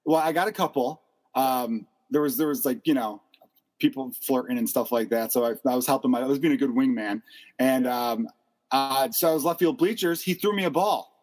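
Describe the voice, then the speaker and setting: A man's voice: mid-range voice, a little fast, darkish tone. A man hosting a casual chat, telling a funny story with playful, self-mocking humor. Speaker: host.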